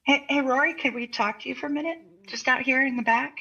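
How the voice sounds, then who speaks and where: A woman's voice: sits high, fairly even intonation, fast, creaky, bright, forceful tone, slightly rough, dull audio. A woman playing a fantasy tabletop game, talking in a playful, mischievous way. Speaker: player.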